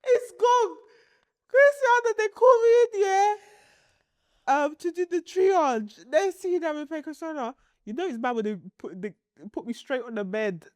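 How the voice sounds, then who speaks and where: A high-voiced woman, chatting on a podcast and recounting a story with lots of laughter. Her voice sounds close and dry, with no room sound around it. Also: moderate pace, dry recording. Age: 30s. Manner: animated, laughs often while telling a story. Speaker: podcast co-host. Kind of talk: casual storytelling chat.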